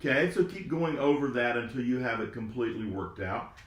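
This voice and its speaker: A man's voice: mid-range voice, animated, a little fast, roomy sound, loud music behind the voice. A man giving a trombone lesson, patiently explaining and counting beats and naming notes aloud. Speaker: trombone teacher. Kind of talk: step-by-step music lesson.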